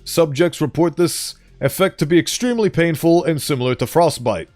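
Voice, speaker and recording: A man's voice: on the high side, moderate pace, a little mellow. A man streaming a casual reading of horror articles, breaking off into playful, joking asides. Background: faint background music.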